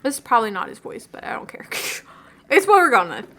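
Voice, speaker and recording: A woman's voice: fairly high pitch, huge pitch swings, fast talker, bright, forceful tone. A woman casually commenting while playing a story game, chatty and self-deprecating. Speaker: let's play streamer.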